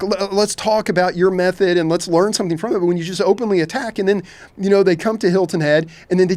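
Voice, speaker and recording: A man's voice: high-pitched, darkish tone. A man from Kentucky, a fishing captain, talking bluntly and rambling in a casual podcast interview. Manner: blunt, candid, says he has no filter; rambling, repeats "man" and "you know".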